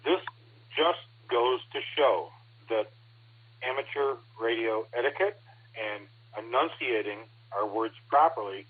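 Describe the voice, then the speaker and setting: A polite, wry man with a husky voice breaking in on a ham radio net. He comes through a tinny, phone-like radio line. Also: mid-range voice, measured pace. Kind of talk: ham radio check-in chat.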